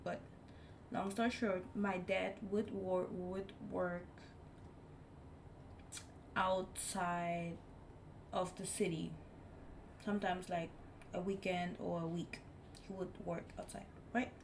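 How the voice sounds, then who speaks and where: A woman live streamer telling a story in casual chat, blunt and animated, swearing freely. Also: on the low side, takes it slowly, pauses often, slight background noise.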